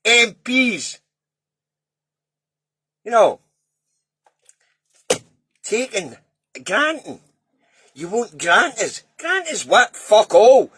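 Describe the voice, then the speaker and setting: A man's voice: high-pitched, very animated, very slow, pauses often, noisy background. A middle-aged Scottish man ranting in a sweary, blunt and heated political monologue. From Scotland. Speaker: political video commentator.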